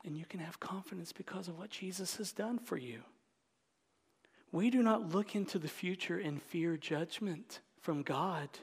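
A middle-aged pastor preaching with a high-pitched voice. He swings from loud, fervent emphasis down to hushed, near-whispered tenderness. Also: moderate pace, slightly rough. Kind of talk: sermon.

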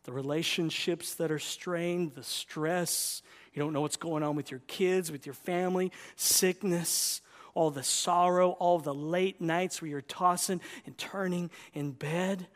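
A man's voice: fairly high pitch, fairly even intonation, a little slow. Impassioned preacher, man, in a church. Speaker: pastor. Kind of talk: sermon. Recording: long reverb of a large hall.

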